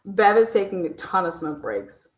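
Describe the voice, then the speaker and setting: A woman's voice: mid-range voice, very animated, normal speed, roomy sound, poor audio. A woman giving blunt, angry, profanity-heavy commentary on a livestream, swearing constantly as she rants.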